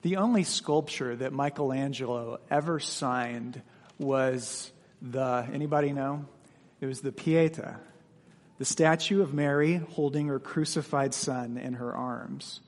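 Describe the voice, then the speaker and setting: A man's voice: medium pitch, unhurried. A male pastor reading scripture aloud and explaining it in a plain, conversational way during a sermon. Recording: long hall reverb.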